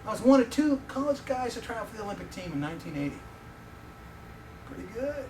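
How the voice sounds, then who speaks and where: A man's voice: high-pitched, big pitch swings, rapid-fire, a little mellow, slight background noise. A middle-aged man preaching as a visiting professor, telling personal stories and joking with the audience. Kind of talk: sermon with personal storytelling. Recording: echoey room, mic heard from a distance.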